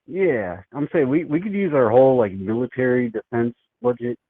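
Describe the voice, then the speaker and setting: Calling in by phone, an American man chats casually and crudely, drifting along with plenty of fillers. He has a medium-pitched, expressive voice and a moderate pace, and the line sounds tinny.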